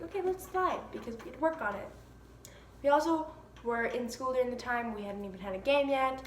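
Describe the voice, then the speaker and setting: High-voiced young woman telling a story. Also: distant mic, slight background noise. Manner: chatty, animated, laughing asides. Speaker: vlogger. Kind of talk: casual storytime. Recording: echoey room with faint ambience.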